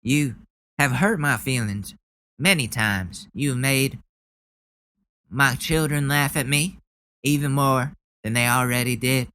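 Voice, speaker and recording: A man's voice: mid-range voice, slow, pauses often, pushed and bright, clear, resonant tone, no echo, clean studio sound. A man doing a comic impression of a whiny, self-pitying middle-aged male politician. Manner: whining, mock-wounded.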